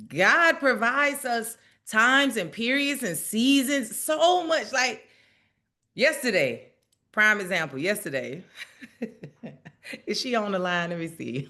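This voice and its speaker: A woman's voice: mid-range voice, sing-song, a little slow, pushed and bright. A woman hosting a casual spiritual livestream, chatting directly to her viewers and laughing often.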